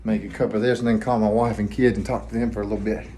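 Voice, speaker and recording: A man with a Southern US accent, talking quietly and rambling in a casual vlog from a hotel room. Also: fairly low pitch, little pitch movement, racing, a little hiss or hum. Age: adult, family man with kids. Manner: rambling, hushed so neighbors won't hear. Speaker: vlogger, trucking trainee.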